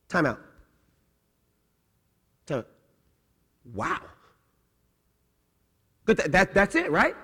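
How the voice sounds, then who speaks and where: A male pastor preaching a sermon in an animated, conversational way, often asking "right?" and adding jokes. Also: high voice, moderate pace, pauses often. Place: church sanctuary. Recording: long hall reverb.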